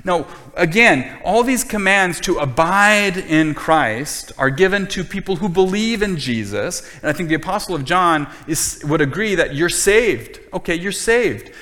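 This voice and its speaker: Male pastor, sermon delivery, earnest and emphatic with repetition; higher-pitched voice, long hall reverb. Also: fairly bright tone.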